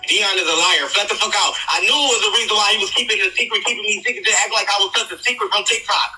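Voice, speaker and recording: A man's voice: sits high, bright, forceful tone, distant mic. A man calling in and talking casually, upset and swearing as he tells what happened. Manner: upset, fast, profane. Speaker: caller. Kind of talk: casual chat. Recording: tinny phone line.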